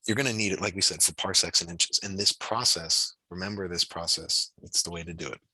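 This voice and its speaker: A man's voice: low voice, steady tone, a little fast, pushed and bright, slightly rough, no room sound, rough recording. A man tutoring physics over a video call, talking through his reasoning aloud in a casual, encouraging way. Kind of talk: online tutoring session.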